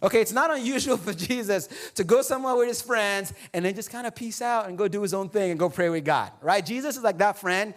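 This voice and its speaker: A man's voice: high-pitched, brisk, hardly any pauses. A man preaching a sermon to his congregation in a casual, joking way. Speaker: pastor. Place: church hall before a congregation.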